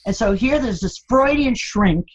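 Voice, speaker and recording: An older woman, a guest in a candid interview, who tells stories with animated, teasing humor and laughs often. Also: a little high, measured pace, dull audio. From United States, Cuban American family.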